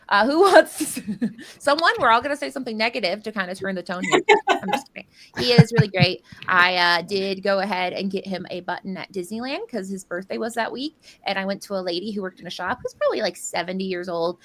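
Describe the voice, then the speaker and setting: A woman's voice: medium pitch, fairly bright tone. A woman casting a live card game tournament, chatty and jokey, rambling through player intros and stories. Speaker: caster. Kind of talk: live game commentary banter.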